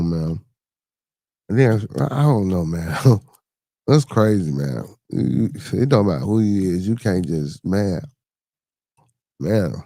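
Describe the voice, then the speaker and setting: A man's voice: deep voice, warm tone, dry recording. A man hosting a casual podcast live stream, reading the chat and answering viewers in loose slang. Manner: laid-back, talks back to chatters with loose slang.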